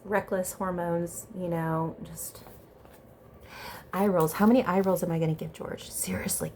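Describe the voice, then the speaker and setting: A woman's voice: lowish voice, steady tone, unhurried, darkish tone, slight background noise. A woman casually recapping a reality TV episode, gossiping and acting out what the contestants said. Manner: chatty, gossipy, acts out quotes with laughs. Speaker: reality TV reviewer.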